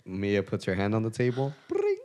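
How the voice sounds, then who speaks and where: A man's voice: lowish voice, huge pitch swings, moderate pace, a little mellow. A man hosting a podcast, talking candidly in a casual, confessional way and laughing easily. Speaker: podcast host.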